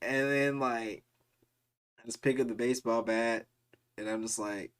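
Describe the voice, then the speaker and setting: A man's voice: medium pitch, steady tone, measured pace, a bit bright, clean tone. A man streaming, telling a long personal story in a casual, rambling way with slang and frequent restarts.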